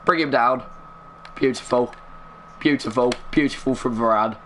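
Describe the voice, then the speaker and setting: Young guy streaming football game, talking quietly, mid pitch, faint hum behind. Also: a little fast, creaky. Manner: chatty, muttering, bursts of excitement at big moments. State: keeping his voice down. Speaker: gaming streamer. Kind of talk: live gameplay commentary.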